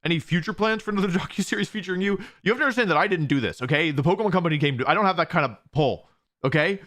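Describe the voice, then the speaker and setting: A man's voice: sits high, lively intonation, rapid-fire, a bit bright. A young man hosting a live stream, chatting casually as he reads out viewer questions and answers them with lots of restarts. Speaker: streamer hosting a watch party.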